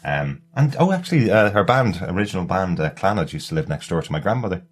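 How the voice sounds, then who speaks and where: A man's voice: low-pitched, sing-song, fast. A man hosting a podcast in casual chat, rambling along with lots of fillers and restarts. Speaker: podcast host.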